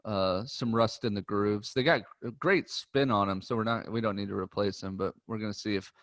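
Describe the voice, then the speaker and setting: A man co-hosting a golf podcast, talking in a relaxed, chatty way with frequent ums. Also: on the low side, brisk. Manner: relaxed, chatty, says um often. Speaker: podcast co-host. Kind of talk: casual chat.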